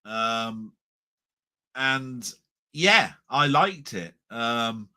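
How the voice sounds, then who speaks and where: A man's voice: medium pitch, expressive, extremely slow, sharp tone. A man hosting a live stream, chatting casually and jokily, often repeating and restarting his words. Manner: rambling, repeats words, jokey.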